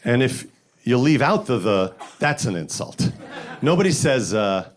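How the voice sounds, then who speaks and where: A man from the Bronx doing a stand-up set, deadpan setups that jump to loud high voices for punchlines. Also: measured pace. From the Bronx, New York. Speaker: stand-up comedian. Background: audience laughter.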